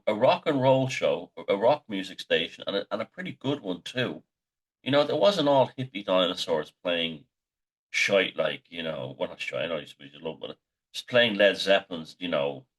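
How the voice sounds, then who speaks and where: Man, middle-aged, lowish voice, rambling anecdotes, sweary, casual monologue. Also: fairly bright tone. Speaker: host.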